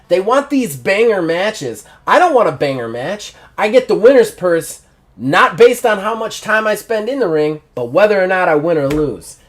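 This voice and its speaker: A man voicing a cocky, arrogant young male wrestling champion in a solo tabletop game, talking boastfully and loudly. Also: high-pitched, voice pushed up. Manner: boastful, brash, loud.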